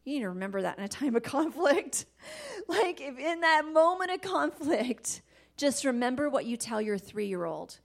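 A woman giving a faith-based talk on marriage, animated, laughing often and dropping into soft asides. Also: high-pitched, moderate pace, gravelly. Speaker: Christian marriage teacher.

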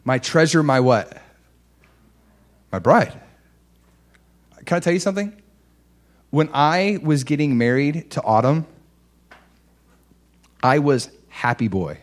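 Earnest preacher man, hushed to excited. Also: a little high, unhurried, pauses often. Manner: earnest, emotional, swings between soft hushed lines and excited outbursts. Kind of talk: sermon.

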